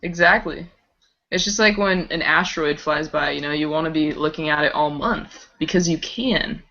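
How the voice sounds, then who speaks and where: A woman's voice: low voice, normal speed, sharp tone. A woman co-hosting a casual live-streamed chat, giggling as she shares fun facts. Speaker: podcast co-host. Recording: dull lo-fi stream audio.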